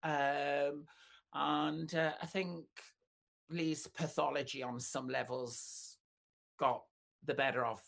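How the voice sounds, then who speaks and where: A woman's voice: slow, gravelly. Older woman, chatty interview guest, rambling camp anecdotes. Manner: rambling storyteller, many fillers, camp asides, pitch leaps up when excited. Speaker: singer being interviewed.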